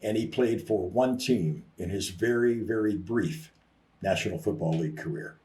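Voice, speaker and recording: A man's voice: deep voice, normal speed, darkish tone, far from the mic. A man co-hosting a sports talk show, rambling in a loose, self-interrupting way. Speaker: co-host. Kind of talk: casual sports talk chat.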